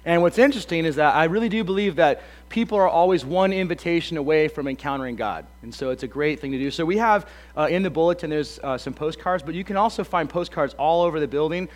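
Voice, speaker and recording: A slightly hoarse man in his thirties, a pastor giving a casual, joking sermon full of ums and uhs. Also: fairly high pitch, quick pace, hardly any pauses. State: a bit hoarse.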